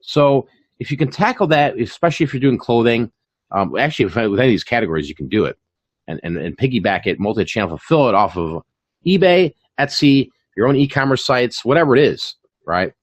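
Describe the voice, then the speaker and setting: Male host, casual and chatty, animated delivery, dry sound. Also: mid-range voice, brisk, no echo, highs cut off. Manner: animated, chatty, full of fillers and repeats. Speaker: channel host and online reseller. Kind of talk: casual chat on a live stream.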